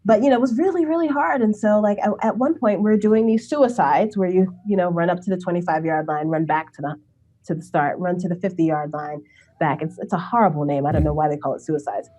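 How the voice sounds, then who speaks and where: A woman in her forties from Brooklyn, New York City, telling a story as an interview guest in a chatty, animated way, acting out remembered dialogue and laughing often. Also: lowish voice, fast. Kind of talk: casual conversational storytelling.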